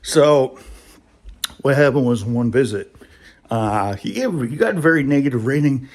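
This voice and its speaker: A man's voice: medium pitch, expressive, normal speed, darkish tone. A man telling a rambling workplace story in a casual vlog, laughing now and then. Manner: chatty, rambling, laughs often. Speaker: vlogger.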